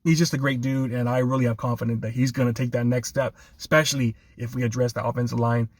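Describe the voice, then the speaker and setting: A man's voice: mid-range voice, little pitch movement, fast talker, dry recording. A man hosting a casual sports chat, laughing often and talking with enthusiasm. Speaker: sports podcast host.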